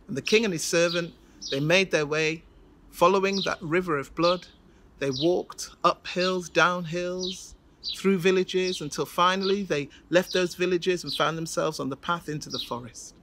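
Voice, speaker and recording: A woman's voice: low-pitched, moderate pace, background noise. A woman storyteller telling a folk tale with rhythmic repetition and dramatic build-ups.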